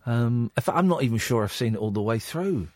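A man hosting a late-night radio talk show, relaxed and teasing with callers. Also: mid-range voice, brisk, no room sound, clean studio sound. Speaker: radio host. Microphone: studio microphone.

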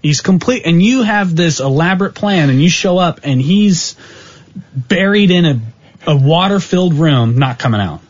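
Brief: male co-host, husky, mid pitch, dry quips, dull radio sound. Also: lively intonation, moderate pace. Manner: dry quips, eager fan retelling scenes. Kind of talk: casual radio chat.

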